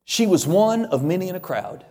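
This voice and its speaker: A man preaching a sermon with fervor, building to shouts and acting out voices of Bible figures. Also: sits high, very animated, moderate pace, long reverb tail.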